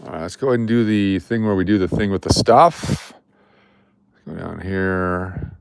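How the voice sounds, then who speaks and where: Middle aged guy hosting a coin livestream, laid back and chatty, kinda low voice. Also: fairly quick, clean tone, no echo, studio quality. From Las Vegas, Nevada. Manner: relaxed, chatty, reads viewer comments aloud. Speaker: livestream host running coin giveaways. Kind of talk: casual live-stream chat.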